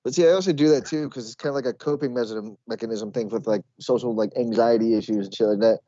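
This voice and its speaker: An American man co-hosts a podcast with quick, rambling, swear-laced chat. His voice is mellow and darker than most, though mid-pitched. The mic sounds dry and a bit dull. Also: no room sound. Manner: rapid, rambling, swears casually. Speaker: podcast co-host. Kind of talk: casual chat.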